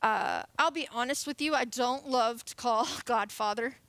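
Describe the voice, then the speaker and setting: A woman's voice: on the high side, moderate pace, fairly bright tone, dry recording. A woman in her late twenties giving a casual, playful sermon as a youth pastor. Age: 20s. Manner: casual, chatty and playful, laughing often.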